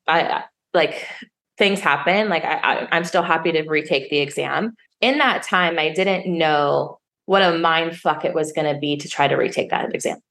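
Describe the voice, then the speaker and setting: A woman's voice: low voice, gravelly, fairly bright tone. A woman sommelier in her thirties, frankly telling a personal story in an interview, swearing and acting out the voices of others. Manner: frank and emotional, swears, acts out quoted dialogue. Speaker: sommelier guest.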